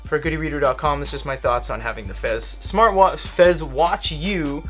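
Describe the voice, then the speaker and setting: A man's voice: fairly high pitch, moderate pace, soft background music. A young man casually reviewing a gadget, rambling with lots of fillers and restarts. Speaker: tech reviewer.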